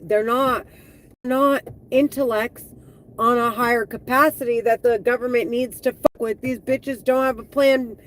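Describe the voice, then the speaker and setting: A woman live streaming an angry, profane monologue, heated and full of halting restarts. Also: on the high side, rough recording.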